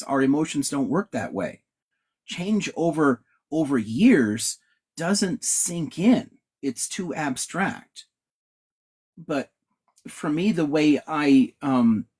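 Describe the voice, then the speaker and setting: Husky-voiced man, halting and thoughtful. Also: medium pitch, darkish tone. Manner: hesitant, many restarts, thoughtful. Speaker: discussion panelist. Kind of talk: casual discussion.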